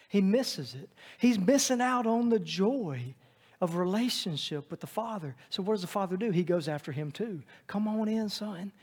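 High-voiced preacher man in a reverberant hall. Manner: dynamic, swings from loud emphatic to hushed. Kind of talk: sermon. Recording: long reverb of a large hall.

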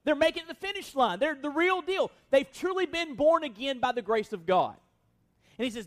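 A man's voice: very high-pitched, lively intonation, normal speed. A man pastor delivering an expository sermon, earnest and emphatic, posing rhetorical questions to the congregation.

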